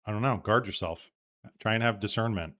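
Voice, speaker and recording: Man, podcast host, casual live commentary, rambling, thinking out loud. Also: fairly low pitch, brisk. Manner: musing, thinks aloud with many restarts.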